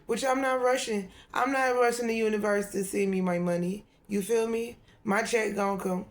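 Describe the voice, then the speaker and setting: A woman's voice: medium pitch, fairly even intonation, moderate pace. A woman tarot reader talking in a loose, rambling monologue, swearing freely and laughing often.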